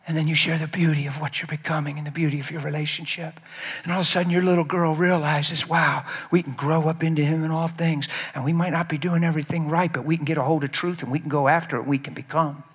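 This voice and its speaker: A man preaching a sermon in an animated way, acting out quoted voices and laughing often. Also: a little high, quick pace, breathy edge, long reverb tail.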